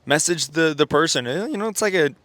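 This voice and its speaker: A man's voice: on the high side, animated, brisk, a bit bright, dry recording. A man with stuffy sinuses giving a casual motivational vlog monologue, rambling with lots of fillers and self-corrections and checking in with "okay?" and "right?". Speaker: self-improvement content creator.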